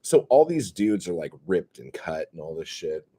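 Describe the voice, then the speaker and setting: Deep-voiced man telling profane stories. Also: sing-song, normal speed, husky. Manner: profane, self-mocking, swings between loud outbursts and mumbles. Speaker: comedian hosting a live stream. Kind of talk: casual profane storytelling.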